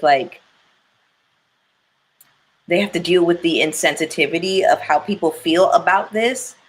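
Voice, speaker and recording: A young woman hosting a live stream speaks candidly and emphatically to her viewers, reading their comments aloud as a commentary host. Her low voice is a bit bright, and the low-quality recording has slight background noise.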